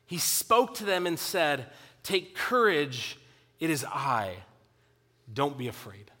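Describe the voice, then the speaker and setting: A man preaching a sermon to his congregation, animated at times and dropping to a quiet intensity at others. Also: sits high, long reverb tail. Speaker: pastor.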